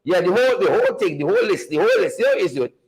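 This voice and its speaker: A Guyanese man hosting a livestream, greeting viewers one by one by name in a playful, animated way. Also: high voice, rapid-fire, poor audio. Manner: animated, playful, repeats phrases for emphasis. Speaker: livestream show host.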